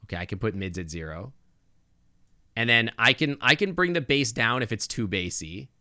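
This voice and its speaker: A man's voice: medium pitch, lively intonation, moderate pace, bright, forceful tone, no room sound. A male game streamer chatting casually with his viewers on a close desk microphone, thinking aloud with lots of restarts and asides.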